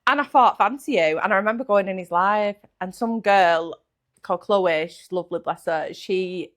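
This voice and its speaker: A young woman tells her story as an interview guest. She is blunt and jokey, swears freely and slips into quick quoted asides. She is pregnant. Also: medium pitch. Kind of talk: casual interview chat.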